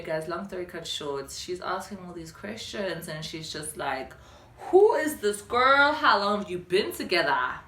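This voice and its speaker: A young South African woman telling a story on her vlog, chatty and animated. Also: lowish voice, reverberant, slight background noise. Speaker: vlogger.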